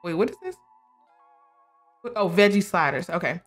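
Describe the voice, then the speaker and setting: A woman's voice: on the low side, expressive, normal speed, soft background music. A young woman chatting through a life sim game, talking to her characters and laughing often. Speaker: gameplay streamer. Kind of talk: casual gameplay commentary.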